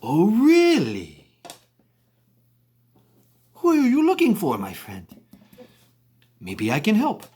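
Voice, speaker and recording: A wiry, friendly older bar owner with an Indonesian accent, his voice pitched high and lilting, as a man puts him on mid-story. He asks questions warmly and turns them over again, and he flatly refuses with a run of quick repeated words. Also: husky, heavily acted. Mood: eager. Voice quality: high, sing-song imitation. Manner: warm questioning, then firm refusals. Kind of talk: storytelling impression.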